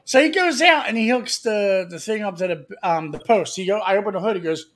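A man's voice: sits high, brisk, a bit bright. A man hosting a radio talk show, telling a long, profane story and acting out other people's lines.

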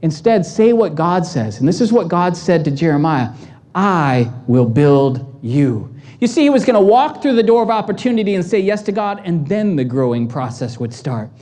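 A woman pastor delivering a sermon, animated and acting out the voices in the story. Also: fairly low pitch, fairly quick, few pauses.

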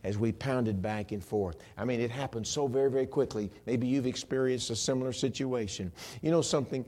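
A man preaching a sermon with animated storytelling, swinging between loud bursts and hushed moments and dropping in humorous asides. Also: mid-range voice, a little fast. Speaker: pastor.

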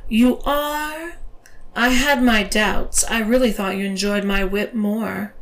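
A woman playing a calm, teasing dominatrix. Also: mid-range voice, slow pace, poor audio. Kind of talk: erotic audio story.

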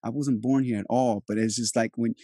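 A man's voice: mid-range voice, steady tone, brisk, warm tone, no echo, studio quality. A man raised in Europe, an actor, talking in a loose, rambling casual conversation with many restarts. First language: Turkish. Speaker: actor and host.

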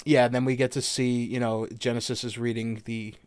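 A man's voice: medium pitch, level tone, normal speed, a little mellow, smooth, no room sound. A man co-hosting a podcast, loose and chatty, swearing casually as he breaks down a video game. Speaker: podcast co-host.

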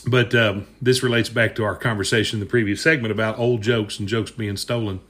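A man's voice: fairly low pitch, steady tone, brisk, a bit bright. A man telling old jokes in casual chat, folksy and chuckling as he goes.

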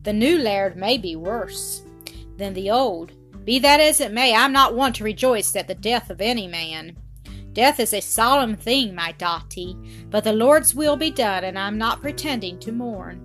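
Woman reading a grave Highland shepherd father. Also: expressive, fairly bright tone, soft background music. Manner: slow, grave, moralizing.

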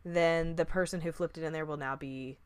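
A woman's voice: low-pitched, steady tone, fairly quick, a little mellow, clean tone. A woman in casual chat about a movie, chatty and loose, with lots of fillers and restarts.

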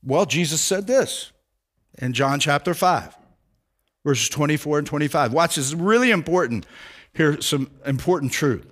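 A man's voice: a little high, expressive, normal speed, fairly bright tone. A middle-aged male pastor preaching a sermon in an earnest, emphatic way, rising and dropping for stress.

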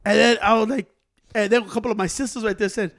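A man's voice: sits high, steady tone, quick pace, fairly bright tone. A man telling a story in casual chat, laughing often, swearing freely and mixing Spanish into his English.

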